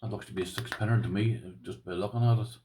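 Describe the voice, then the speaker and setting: A man's voice: fairly low pitch, fairly even intonation, fast talker, background noise. A man with an Irish accent, chatting casually as he unboxes and tries out padlocks, rambling with restarts. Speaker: lock-picking vlogger.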